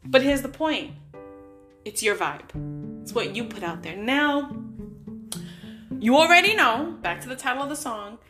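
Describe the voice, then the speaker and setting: A woman's voice: sits high, animated, unhurried, pauses often, a bit bright, soft background music. A middle-aged woman hosting a podcast, giving casual motivational talk in a direct, emphatic way straight to the listener. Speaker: podcast host.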